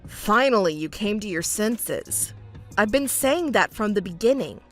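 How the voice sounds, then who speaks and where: A woman voices a scornful, self-important young fiancé talking down to his partner for a texting-story piece, pitching slightly below her own voice while staying close to her everyday sound. Her mid-range delivery has lively intonation and is a little slow. Soft music runs in the background.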